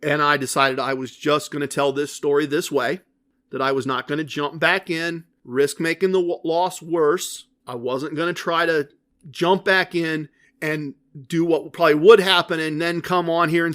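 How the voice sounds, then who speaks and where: A man's voice: fairly high pitch, unhurried, a bit bright. A middle-aged man hosting a solo podcast, chatty and self-deprecating, correcting himself as he talks. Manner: mock-boastful in a put-on triumphant voice. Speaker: podcast host.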